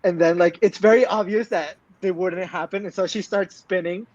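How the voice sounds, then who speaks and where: A man with a high voice chats casually as a podcast co-host, blunt and emphatic, cursing freely. His voice is dry and close, with a slightly dull, lo-fi sound. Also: steady tone, normal speed, darkish tone, dry recording. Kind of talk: casual recap chat.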